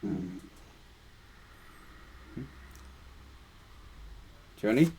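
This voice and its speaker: Laid-back low-voiced meditation teacher. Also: male voice, drawn-out words, slight background noise. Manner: relaxed, casual, chatty with playful asides. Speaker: meditation teacher leading a group. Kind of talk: guided meditation discussion.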